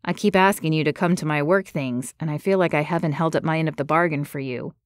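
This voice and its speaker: A woman's voice: sits low, fast, no echo, studio quality, lightly acted. A woman voicing a wry laid-back man. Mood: easygoing. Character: laid-back adult male lawyer, wry.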